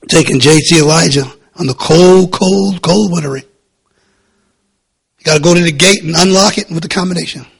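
A man pastor preaching a rambling sermon in a church, laughing between asides and building to shouting. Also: high voice, creaky, slightly rough. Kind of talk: fiery sermon.

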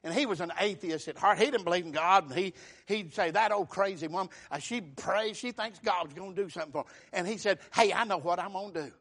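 A man preaching a sermon, telling folksy stories and rising into fervent shouts. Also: sits high, brisk. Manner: fervent, builds to shouting bursts, folksy storytelling.

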